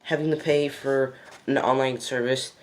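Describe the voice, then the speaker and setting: A gaming video host giving casual game recommendations, rambling and excitable, often losing the thread mid-sentence and restarting. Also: medium pitch, normal speed, very noisy. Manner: rambling and excitable, repeats "freaking epic".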